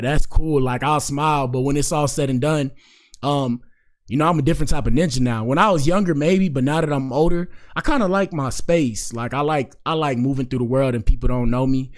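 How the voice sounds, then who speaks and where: A man hosts a live stream and talks fairly quickly in a mid-range voice. His casual commentary wanders, peppered with slang and fillers.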